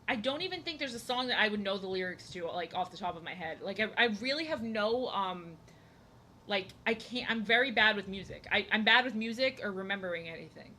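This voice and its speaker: A woman's voice: medium pitch, bright, forceful tone. A young woman art streamer chatting casually while she draws, rambling and self-deprecating with lots of fillers and restarts.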